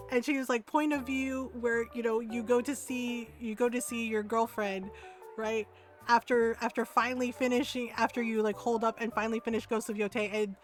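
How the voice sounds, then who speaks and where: A middle-aged woman streaming a game, chatting casually with many fillers and frequent laughs. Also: fairly high pitch. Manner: chatty, laughs often, full of fillers and restarts. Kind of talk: casual gaming stream chat.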